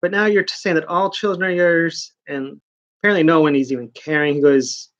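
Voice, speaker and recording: A man's voice: a little high, steady tone, a little fast, fairly bright tone, highs cut off. A man giving a casual, sarcastic comic book review, rambling with mocking asides.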